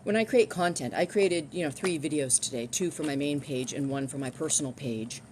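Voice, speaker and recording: A woman's voice: low voice, fairly quick, a little mellow, a little hiss or hum. A middle-aged woman chatting casually on a live stream from home, rambling and restarting her sentences.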